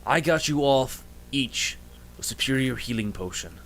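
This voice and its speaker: A man voicing an eager, helpful male adventurer companion who rambles when he is excited, in a tabletop game. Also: medium pitch, normal speed, slight background noise, pitched above the performer's own voice.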